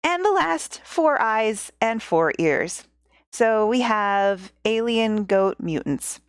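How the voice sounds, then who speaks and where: A woman's voice: on the high side, lively intonation, slow, smooth, no echo, clean studio sound. Giggly woman telling a fairy tale. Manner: giggly, playful asides. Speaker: podcast host and storyteller. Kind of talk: casual storytelling. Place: home. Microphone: podcast microphone.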